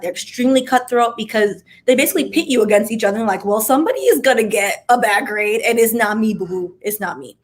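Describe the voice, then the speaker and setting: A young adult woman telling a story in a casual, animated vlog chat. She acts out what people said, with chatty asides. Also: mid-range voice. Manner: animated, dramatic retelling with acted-out quotes; chatty asides, says "child" and "like" often. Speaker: vlogger.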